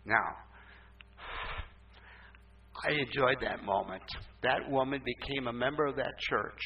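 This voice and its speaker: A male pastor telling a story in a sermon, emphatic and animated, with sudden upward swoops in pitch. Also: normal speed. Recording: distant, dull, muffled recording.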